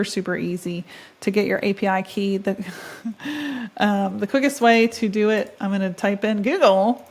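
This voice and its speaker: A woman in her thirties hosts a casual screen-share tutorial, thinking aloud as she clicks through the steps. She sounds chatty and upbeat, with a mid-range voice.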